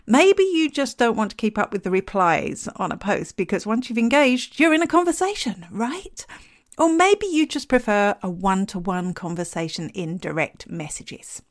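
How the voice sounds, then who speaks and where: A woman hosting a live podcast, telling stories in a chatty, lively way. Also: medium pitch, normal speed. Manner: chatty, lively storytelling with laughs. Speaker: podcast host.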